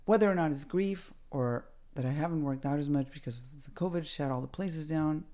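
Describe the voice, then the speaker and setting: A woman's voice: low voice, brisk, mellow. A middle-aged woman hosting a podcast, telling a personal story in a candid, casual way, swearing now and then. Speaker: podcast host.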